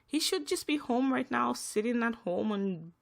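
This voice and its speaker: A woman hosting a solo podcast, venting emphatically and repeating herself, her pitch rising when upset. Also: lively intonation, normal speed, gravelly. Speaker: podcast host.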